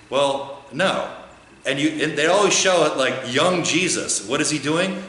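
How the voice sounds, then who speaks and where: A man's voice: mid-range voice, sharp tone, slight background noise. A male pastor teaching a conversational sermon, often asking the congregation questions and answering them himself, with an American accent. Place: church sanctuary. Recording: roomy church with faint ambience.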